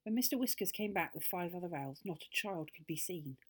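A woman reading a children's story aloud in an expressive, animated way. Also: on the low side, brisk, breathy edge.

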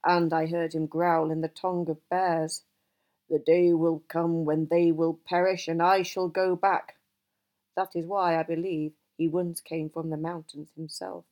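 A woman voicing an old male wizard who is gruff and easily cross, talking emphatically in a storybook reading. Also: sits low, flat delivery, measured pace, darkish tone. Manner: emphatic, exasperated outbursts.

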